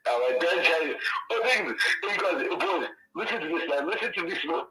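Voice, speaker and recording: A man's voice: on the high side, expressive, fairly quick, sharp tone, reverberant, low-quality recording. A man calling in to a podcast, gushing with thanks in a rambling, filler-heavy way and repeating himself a lot. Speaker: caller. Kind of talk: casual call-in chat.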